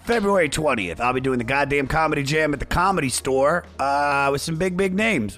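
A hoarse man hosting a podcast in loose, profane, rambling casual chat. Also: on the high side, expressive, a little fast, hardly any pauses, a bit bright, soft background music. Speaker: podcast host.

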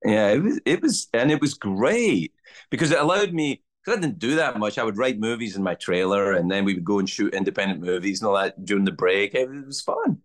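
A lively Scottish guest comedian tells stories on a casual podcast, his lowish voice moving fairly quickly. He's an animated, swearing storyteller who acts out the voices.

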